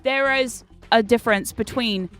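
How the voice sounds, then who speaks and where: A woman's voice: fairly high pitch, moderate pace. A young woman, British by birth, chatting and swearing through a game stream as a VTuber host. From Britain. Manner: chatty, swears, bursts of frustrated shouting. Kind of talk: casual gameplay commentary.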